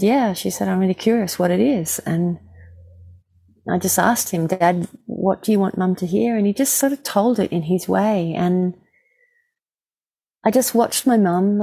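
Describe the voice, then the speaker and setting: A woman who works as a mediator, gently and reflectively telling a personal story in an interview. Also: lowish voice, creaky, breathy edge.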